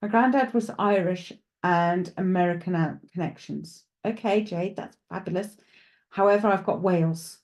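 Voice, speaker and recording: A psychic medium gives a live-streamed mediumship reading, chatting with her viewers and addressing them directly while thinking aloud. Her voice is lowish and her speed normal. She sounds hesitant and often restarts as she works things out.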